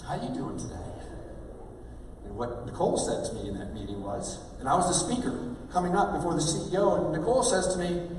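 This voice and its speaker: A man giving an energetic motivational talk on stage, calling for replies from the audience. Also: fairly high pitch, fast, hardly any pauses, slight background noise. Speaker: motivational speaker. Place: large hall with a live audience. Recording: echoey hall, mic at a distance.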